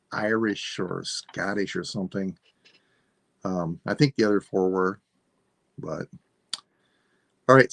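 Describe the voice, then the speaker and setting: A man selling items on a live stream, thinking aloud in a rambling, unhurried way as he describes each piece. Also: on the low side, no echo. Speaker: online seller. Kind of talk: live-stream sales chat.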